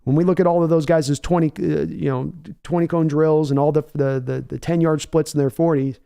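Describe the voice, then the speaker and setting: A man with a somewhat high yet warm, mellow voice hosts a live-stream sports show. He reads viewer comments aloud and answers them in loose, conversational chat, with folksy asides. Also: fairly even intonation, fairly quick, gravelly, clean tone. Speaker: podcast host reading chat.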